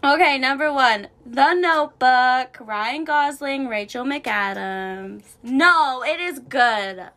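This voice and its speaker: A woman co-hosting a relaxed podcast, bubbly and playful as she talks through favourites. Her voice sits high and sounds bright. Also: slow, hardly any pauses. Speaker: podcast co-host. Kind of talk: casual chat.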